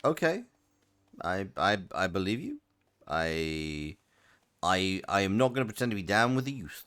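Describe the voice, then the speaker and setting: Lively low-voiced man chatting while gaming. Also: moderate pace, clear, resonant tone. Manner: chatty, rambling, reads chat aloud. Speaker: streamer. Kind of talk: casual live gaming commentary.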